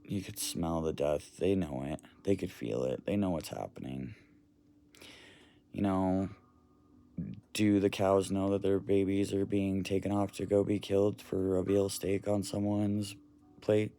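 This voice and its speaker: A man's voice: deep voice, steady tone, measured pace, mellow. A man talking casually to camera, earnestly retelling a story in a rambling way and swearing now and then. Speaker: vlogger.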